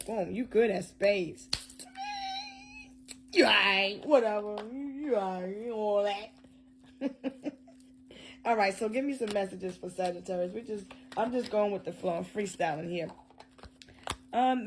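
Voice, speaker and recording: A woman's voice: mid-range voice, darkish tone, slight background noise. Chatty woman giving a tarot reading. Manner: chatty, joking, freestyling, cursing. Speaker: tarot reader.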